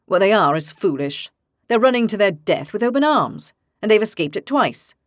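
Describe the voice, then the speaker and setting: A man's voice: high-pitched, big pitch swings, normal speed, fairly bright tone, dry recording, clean studio sound. Woman voicing a boastful young hunter lad. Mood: scornful. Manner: boastful, blunt. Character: brash young male dragon hunter.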